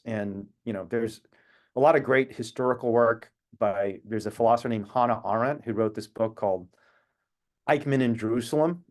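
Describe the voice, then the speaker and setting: A man's voice: mid-range voice, a little mellow. A man speaking as an activist on a video call, telling a personal story in an earnest, reflective way with long tangents. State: emotional at times.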